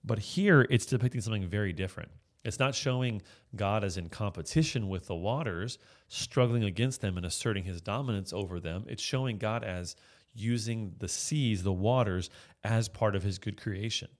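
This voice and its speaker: A man's voice: lowish voice, normal speed. A man giving an earnest, explanatory Bible teaching, often restarting his phrases as he works through a passage. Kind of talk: sermon-style Bible teaching.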